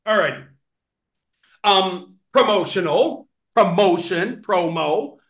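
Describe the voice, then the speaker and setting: High-pitched male presenter, animated sales coach on a video call. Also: takes it slowly. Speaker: webinar presenter on sales financing. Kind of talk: energetic sales training talk.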